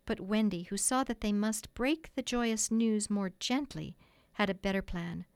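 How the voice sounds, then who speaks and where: A woman narrating a classic storybook in a gentle, measured reading. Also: medium pitch, clean tone, no room sound. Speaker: audiobook reader.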